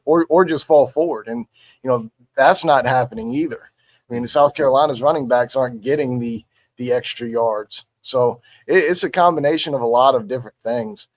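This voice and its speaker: Male sports analyst, mid pitch, halting delivery, dry sound. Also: no room sound. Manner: halting, many restarts and fillers. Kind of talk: casual sports talk.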